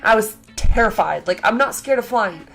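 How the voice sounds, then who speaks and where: A young woman telling a convention story in a casual vlog, chatty and excitable, full of fillers and acted-out quotes. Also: on the high side, moderate pace, creaky, faint music behind. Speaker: vlogger.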